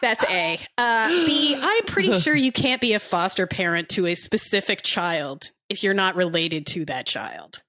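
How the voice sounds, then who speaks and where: A woman co-host talks through a TV episode recap in a loose, chatty way. Her pitch sits in the middle, and she breaks into quick asides and laughs as she goes. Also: lively intonation, bright, forceful tone. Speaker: podcast co-host. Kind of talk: casual chat recapping a TV show.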